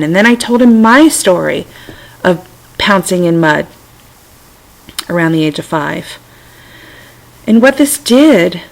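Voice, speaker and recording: A middle-aged woman talking gently and reflectively to her computer's webcam at home, with self-amused asides. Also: on the high side, low-quality recording. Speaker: vlogger sharing personal stories. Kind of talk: casual spiritual talk to camera. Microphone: computer webcam mic.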